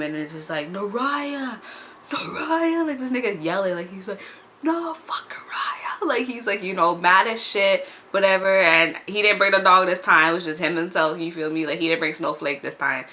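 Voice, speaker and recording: Young woman, casual storytime vlog, bright voice, animated and profane, laughs a lot. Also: lowish voice, a little fast, few pauses, a little hiss or hum. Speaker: vlogger telling a story.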